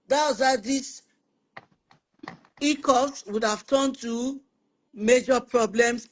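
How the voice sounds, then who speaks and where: A lively woman, talking through marriage problems on a Christian family live stream. She speaks in a conversational teaching tone and leans on repetition to drive her points home. She slips readily into the voices of husbands and wives as she gives examples. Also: high voice. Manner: animated, acts out spouses' quoted lines; repeats words for emphasis. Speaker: host of a Christian family talk show.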